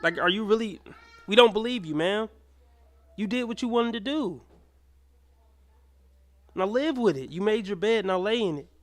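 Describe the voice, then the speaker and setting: Male reaction host, fairly high voice, blunt, sarcastic, swears. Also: lively intonation, moderate pace, long pauses. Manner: blunt, mocking, swears freely. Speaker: commentator reacting to clips. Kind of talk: reaction commentary.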